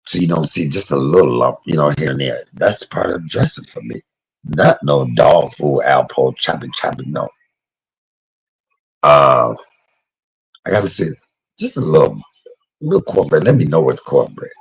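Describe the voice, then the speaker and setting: A man's voice: extremely low pitch, lively intonation, normal speed, gravelly, pauses often, breathy edge, low-quality recording. A middle-aged man chatting casually as he cooks, emotional and talkative, reading out viewers' comments as he goes. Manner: emotional, chatty, talks to live chat by name. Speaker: cooking vlogger. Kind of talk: casual cooking talk to viewers.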